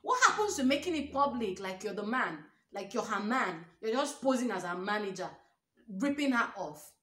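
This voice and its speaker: A woman's voice: mid-range voice, sing-song, moderate pace, sharp tone. A young Nigerian woman vlogging relationship advice, emphatic and preachy, firing off rhetorical questions. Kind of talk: storytime advice monologue. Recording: roomy echo.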